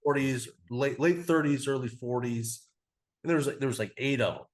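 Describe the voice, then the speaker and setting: A man's voice: mid-range voice, moderate pace. A man in his forties, a podcast guest, telling a travel story in a loose, rambling way full of "like" and casual swearing. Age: 40s. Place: cigar podcast studio.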